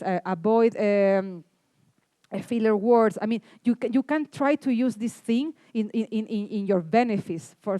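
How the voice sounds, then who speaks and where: A woman from Chile with a Chilean Spanish accent, giving a classroom lecture in a halting way, restarting sentences and filling pauses. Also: medium pitch, warm tone, clean tone, no room sound. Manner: halting, self-correcting speech with many fillers. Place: lecture room.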